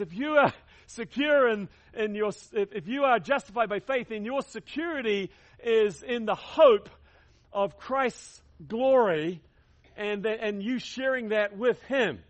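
A man's voice: high voice, a little slow. A man preaching a sermon to his congregation, emphatic, repeating key words and leading them in call-and-response. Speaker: pastor.

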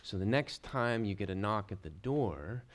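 A man preaching an expository sermon as a pastor, in an emphatic style that swells into forceful declarations. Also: fairly low pitch, animated, normal speed.

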